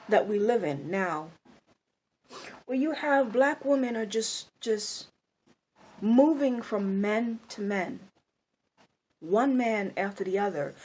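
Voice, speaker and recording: A woman's voice: medium pitch, a little mellow, slightly rough. A woman speaking in a blunt, scolding monologue, angry and firing off rhetorical questions. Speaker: video commentator.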